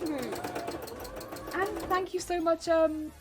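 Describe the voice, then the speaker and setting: Bubbly high-voiced woman streaming. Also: moderate pace. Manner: bubbly, excitable, chatty. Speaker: craft streamer. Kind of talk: casual livestream chat while sewing. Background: background music and sewing machine.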